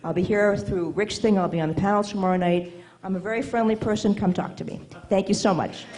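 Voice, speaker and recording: A woman coaching writers from the stage of an event hall. She speaks with a mellow, darker tone at a middling pitch. She is emphatic and teasing, and keeps tossing "okay?" and "right?" to the crowd. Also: fairly even intonation. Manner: emphatic, teasing, quick asides asking "okay?". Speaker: writing coach. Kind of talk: motivational talk to a live audience.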